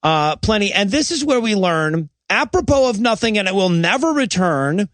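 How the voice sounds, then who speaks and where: A man's voice: sits high, sing-song, moderate pace, a bit bright, dry recording. A man co-hosting a comedy podcast, recapping a film in a profane, storytelling way and acting out lines. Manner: profane, storytelling, acts out quotes. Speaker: podcast co-host.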